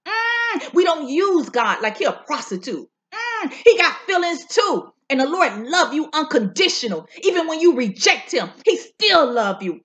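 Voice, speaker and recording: Her impassioned prophetic sermon, given at home, swoops lively through a high register. Fervent throughout, she echoes her own lines for emphasis and lingers on soulful, drawn-out "ooh" and "mm".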